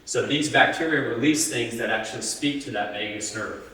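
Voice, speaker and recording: A man's voice: mid-range voice, moderate pace, sharp tone, slight background noise. A man giving a live health talk, speaking conversationally and often putting questions to the audience. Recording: roomy hall, distant mic.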